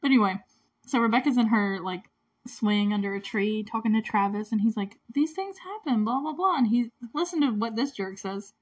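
A woman's voice: medium pitch, a little fast. A woman casually recapping a movie, chatty and indignant, with lots of "like". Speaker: movie reviewer.

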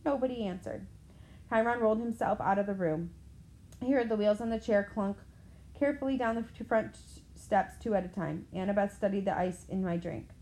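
Woman narrating a novel, mellow voice. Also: mid-range voice, fairly quick, low-quality recording. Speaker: audiobook narrator. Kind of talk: first-person novel narration.

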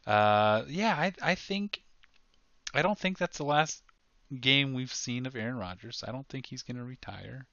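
A man co-hosting a casual sports podcast, excitable and quick to laugh, often restarting his sentences. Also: mid-range voice, no room sound, muffled recording. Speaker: podcast co-host.

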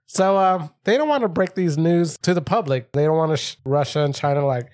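A man's voice: on the high side, moderate pace, few pauses, a little mellow, dry recording, clean studio sound. A man co-hosting a podcast in casual banter, rambling and swearing freely while drinking. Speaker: podcast co-host.

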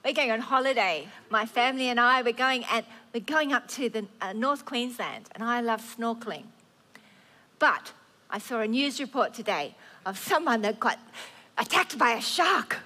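A woman in her fifties preaching a sermon, earnest and animated, acting out prayers and worries aloud. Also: fairly high pitch, normal speed.

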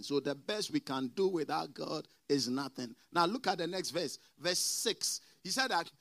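A man preaching a sermon as pastor, emphatic, calling on the congregation to repeat after him and swinging between loud declarations and quiet asides. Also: sits high, sing-song, moderate pace. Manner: preaching with call-and-response prompts to the congregation.

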